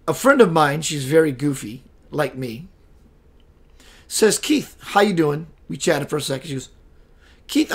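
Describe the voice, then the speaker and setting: A man hosting a radio show, telling a personal story in an animated way with dramatic pauses, swinging between loud and hushed. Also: on the high side. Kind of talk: storytelling monologue.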